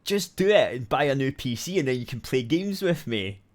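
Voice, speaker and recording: Casual co-host, halting and quiet, slight background noise. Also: mid-range voice, very animated. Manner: halting, stammering restarts, soft-spoken. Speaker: podcast co-host. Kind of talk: casual chat.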